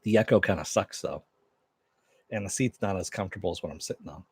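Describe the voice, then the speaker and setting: A man's voice: low-pitched, fast talker, husky. A man hosting a casual live-stream chat about TV shows, answering viewers at home in a loose, rambling way with many fillers. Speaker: show host.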